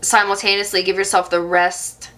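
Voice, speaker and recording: Bright-voiced woman giving a tarot reading. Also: medium pitch, flat delivery, normal speed. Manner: gentle, affirming, with soft laughs. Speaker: tarot reader. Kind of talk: intuitive tarot reading to viewers.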